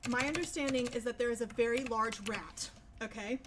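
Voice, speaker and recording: A woman's voice: on the high side, brisk, background noise. A young woman chatting casually with her stream viewers, rambling and swearing freely. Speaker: livestreamer.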